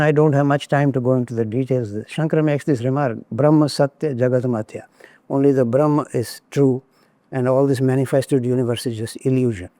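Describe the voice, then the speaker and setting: A man giving a lecture on spiritual traditions, speaking in a measured, deliberate way with occasional wry asides. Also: mid-range voice, dark tone, no room sound.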